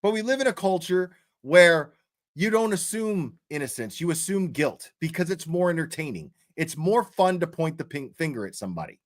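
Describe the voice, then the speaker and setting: With a fairly high, sing-song voice at a moderate pace, a male true crime streamer narrates a story for his livestream. His commentary is casual, blunt and profane, peppered with fillers and false starts.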